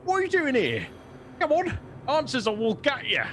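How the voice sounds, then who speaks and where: Man doing a high, shrill goblin boss lady: scrappy, brash, shivering, bluffing hard. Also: wildly swooping pitch, a bit bright, slight background noise, full character voice. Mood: threatening. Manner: gruff, bluffing bravado, drawn-out.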